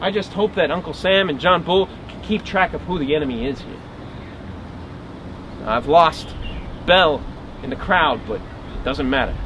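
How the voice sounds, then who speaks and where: A man's voice: on the high side, a little slow, long pauses, lightly acted. A man playing a wry, dogged 1850s marshal, telling his story as a first-person dramatic monologue with grumbling asides. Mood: tense, wry. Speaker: historical reenactor. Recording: outdoor recording with traffic noise.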